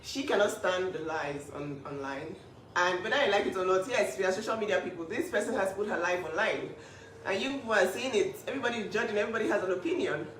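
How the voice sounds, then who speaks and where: A woman's voice: mid-range voice, quick pace, a bit bright. An emphatic, indignant woman from Nigeria defends her younger sister's name. Her voice sits a little away from the mic in a roomy, echoing space. A faint hiss runs underneath. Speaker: older sister speaking out. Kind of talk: emotional on-camera statement. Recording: echoey room, voice at a distance, faint hiss.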